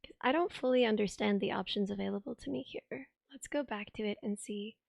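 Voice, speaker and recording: A young woman with a sick voice, chatting on a live stream, thinking aloud as she tinkers and thanking viewers with excitement. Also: mid-range voice, a little fast, creaky, dry recording. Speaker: livestreamer. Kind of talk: casual live stream chat. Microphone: desk streaming microphone.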